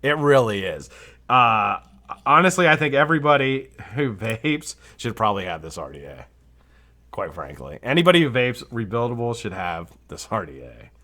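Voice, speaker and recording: A man's voice: mid-range voice, big pitch swings, moderate pace, sharp tone. A man hosting a live vape review show, talking casually and enthusiastically and swearing freely.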